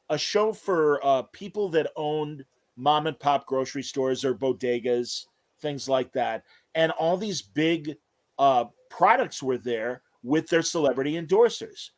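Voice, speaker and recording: A man's voice: mid-range voice, unhurried. A man hosting a casual interview podcast, telling long rambling anecdotes full of fillers. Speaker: podcast host.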